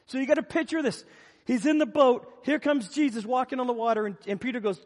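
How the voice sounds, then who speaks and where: A man preaching a sermon who tells Bible stories in a lively way and acts out the scenes. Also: extremely high pitch, fast talker. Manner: animated storytelling, acting out Bible scenes. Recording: long reverb of a hall.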